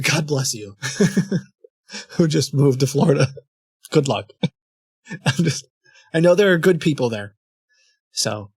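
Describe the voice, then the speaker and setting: In a gravelly, husky mid-range voice, a young scam-baiting streamer chats casually and rambles from thought to thought. He keeps restarting sentences and correcting himself with short laughs, captured in a dry, close sound with no room echo.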